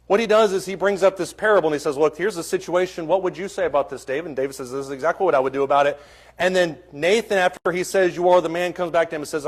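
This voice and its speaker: A man preaching a conversational sermon in a church, reading scripture aloud with rising emphasis. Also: sits high.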